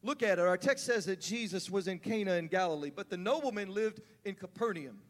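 A man preaching a sermon as pastor, building from calm teaching to fervent, rising delivery. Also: sits high, brisk. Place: church sanctuary. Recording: church hall reverb.

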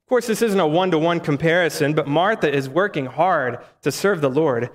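A man's voice: on the high side, lively intonation, moderate pace. A man preaching a sermon in a conversational way, often asking the listeners rhetorical questions. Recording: echoey hall reverb.

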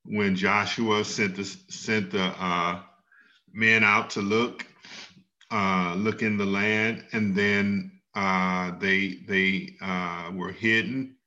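Male Bible class teacher, patient and questioning, bright tone, muffled video-call audio. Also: fairly low pitch, flat delivery, takes it slowly. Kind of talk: online Bible class lesson.

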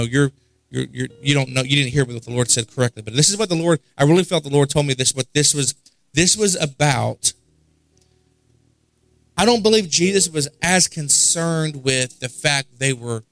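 A man's voice: on the high side, a bit bright, dry recording, rough recording. A man preaching a sermon in an earnest way, often repeating words as he searches for his phrasing. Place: church service.

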